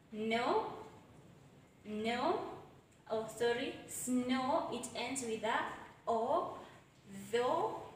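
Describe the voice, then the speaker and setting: A woman's voice: a little high, recorded from a distance, background noise. A woman teaching English literature at a board, explaining step by step and correcting herself as she goes. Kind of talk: classroom lesson at a board. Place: room with a board. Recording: very echoey room, away from the mic.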